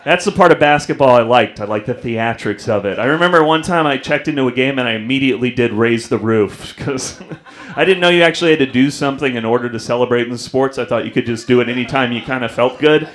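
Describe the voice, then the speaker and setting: Young male stand-up, mid-pitch voice, self-mocking storyteller, club stage mic. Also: fast talker. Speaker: stand-up comedian. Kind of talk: stand-up comedy set.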